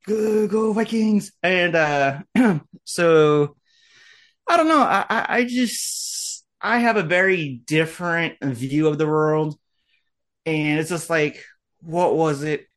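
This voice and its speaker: A man's voice: on the high side, fairly bright tone. A man in his late thirties, chatting casually in a rambling, crude way, often acting out what people said. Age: late 30s. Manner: rambling, crude, self-deprecating, trails into mock quotes. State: getting over an ear infection. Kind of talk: casual ranting chat.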